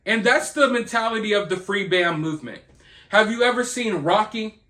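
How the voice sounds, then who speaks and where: High-voiced sarcastic man ranting on a vlog. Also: moderate pace, pushed and bright. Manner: sarcastic, mocking. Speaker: commentary video host. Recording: roomy echo.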